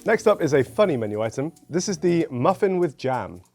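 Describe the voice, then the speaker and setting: A British man hosting a casual food review, dry and matter-of-fact with a gently wry tone. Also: on the high side, sing-song, brisk, gravelly, soft background music. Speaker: food show host.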